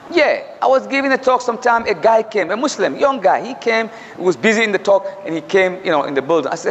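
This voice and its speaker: A man's voice: sits high, animated, moderate pace, a bit bright. Male preacher telling stories in an echoing hall. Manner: conversational, anecdotal, with quoted dialogue. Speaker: Islamic preacher. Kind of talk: sermon with storytelling. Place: lecture hall. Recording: dull lo-fi hall reverb, faint noise.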